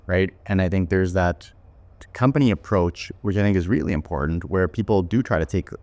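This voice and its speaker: A man's voice: low-pitched, a little fast, darkish tone, no echo. A man hosting a podcast interview, talking thoughtfully and tagging his points with "right?". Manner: thoughtful, many "right?" tags and restarts. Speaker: podcast host and company owner.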